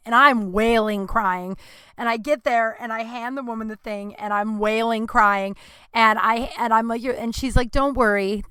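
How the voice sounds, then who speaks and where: In a casual podcast monologue, a young woman with a highish, pushed, bright voice tells a meandering story, restarting often, mocking herself and cursing liberally. The tone is clean, with no echo.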